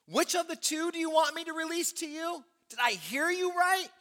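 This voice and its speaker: A man's voice: very high voice, expressive, moderate pace, bright, forceful tone, big-room sound, pitched above the performer's own voice, heavily acted. A man voicing an exasperated Roman governor who keeps questioning a crowd in disbelief. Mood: incredulous. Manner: incredulous, pleading questions.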